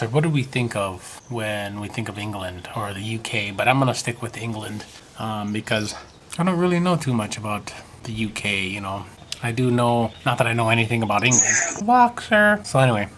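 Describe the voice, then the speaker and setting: A man's voice: medium pitch, fairly bright tone, a little hiss or hum. Profane man ranting on a vlog. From United States. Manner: profane, rambling rant; slips into mock British voices. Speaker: vlogger. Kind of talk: rambling video response.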